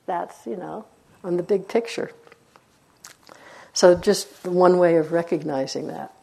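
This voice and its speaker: A woman's voice: fairly low pitch, a little slow, gravelly, husky. A woman meditation teacher giving a dharma talk, telling stories in a conversational way with frequent laughter. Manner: warm conversational storytelling, laughs often.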